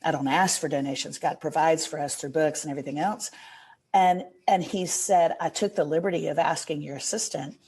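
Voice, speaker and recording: A woman's voice: low voice, steady tone, fairly quick, darkish tone, slightly rough. A middle-aged woman, a podcast guest, telling an earnest and emotional story in a casual interview.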